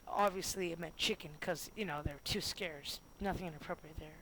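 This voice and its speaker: A student rambles through a homemade history lesson with a gravelly, creaky voice, tripping over words and correcting themselves. The recording is noisy, with a steady hiss and clicks behind the voice. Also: medium pitch, quick pace, hardly any pauses. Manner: rambling and goofy, full of fillers and self-corrections. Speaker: student making a history video. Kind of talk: jokey homemade history narration.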